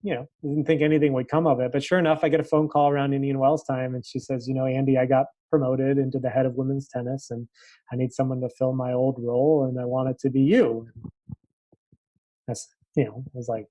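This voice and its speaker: A young adult man, a tennis coach, telling a story in a casual interview and acting out the dialogue with animated switches of voice. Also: medium pitch, a little fast, dry recording, low-quality recording. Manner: animated, acts out quoted dialogue. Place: Los Angeles area.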